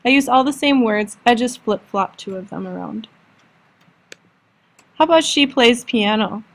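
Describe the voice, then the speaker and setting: A woman teacher giving a recorded lesson, patiently explaining and slowing down for example sentences. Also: fairly high pitch, lively intonation. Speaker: language teacher.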